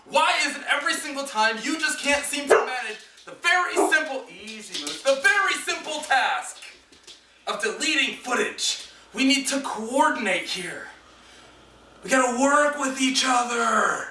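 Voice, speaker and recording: A woman's voice: high-pitched, animated, a little slow, pushed and bright, a little hiss or hum. An American woman vlogger with an exasperated, emphatic and sarcastic manner, ranting straight at the camera. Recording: roomy echo, distant from mic.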